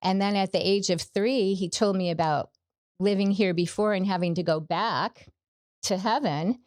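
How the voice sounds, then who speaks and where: A woman's voice: medium pitch, normal speed, a little mellow, no room sound, clean studio sound. A middle-aged woman, a podcast guest, giving a personal faith testimony in an earnest storytelling way, acting out the quoted dialogue.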